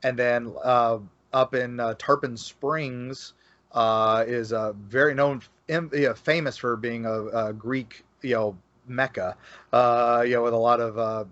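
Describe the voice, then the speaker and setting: A man's voice: medium pitch, fairly even intonation, unhurried, fairly bright tone, no echo. A man talking as a podcast guest about local folklore, rambling with many fillers and restarts. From Florida. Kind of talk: casual podcast conversation. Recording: dull lo-fi, dry sound.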